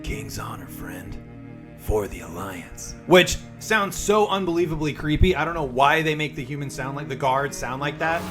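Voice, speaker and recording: A man's voice: fairly high pitch, fairly bright tone. Chatty streamer man with music behind. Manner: chatty, fast-talking, reads chat aloud. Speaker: live streamer. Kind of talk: casual live-stream chat. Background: background music.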